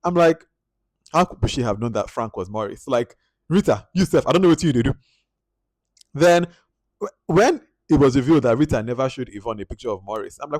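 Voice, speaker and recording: Nigerian man, casual film review, exasperated outbursts, quiet asides, dry close sound, mid-pitched voice. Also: quick pace, no echo. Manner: animated and exasperated, jumps into high-pitched outbursts, then drops to quiet asides. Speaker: movie reviewer.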